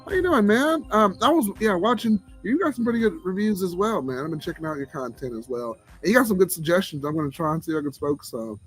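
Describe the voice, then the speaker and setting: A man's voice: fairly high pitch, animated, quick pace, few pauses, breathy edge. A man with a Southern drawl hosting a casual livestream chat, laid-back and chuckling as he greets viewers. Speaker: livestream host. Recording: faint background music.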